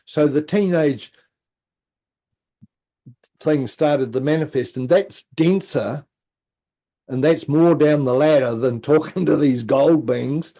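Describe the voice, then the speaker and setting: Mellow-voiced New man telling stories. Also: takes it slowly, long pauses. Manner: animated, acts out quotes, drops to low asides. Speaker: guest. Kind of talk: casual storytelling.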